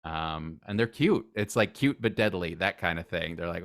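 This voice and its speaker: Very deep-voiced man, rambling and animated. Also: moderate pace. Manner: enthusiastic, rambling, breaks into loud acted outbursts. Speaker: guest. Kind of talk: casual interview chat.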